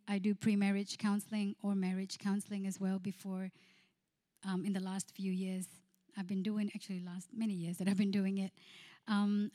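A woman pastor giving a sermon. She reads scripture, then tells a counseling story with frequent laughter and quiet, hushed quotes of her own words. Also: medium pitch.

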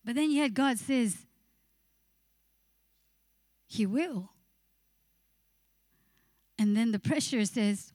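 A woman's voice: on the high side, extremely slow, pauses often, darkish tone, no room sound, studio quality. A woman preacher giving a passionate church sermon, acting out inner voices and speaking to the congregation. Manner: passionate, acts out inner voices, sings briefly.

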